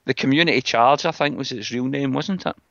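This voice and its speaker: Gravelly Scottish man, dull lo-fi sound. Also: medium pitch, a little fast, a bit bright, dry recording. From Scotland. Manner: blunt, scornful banter. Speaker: podcast host. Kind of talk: casual chat.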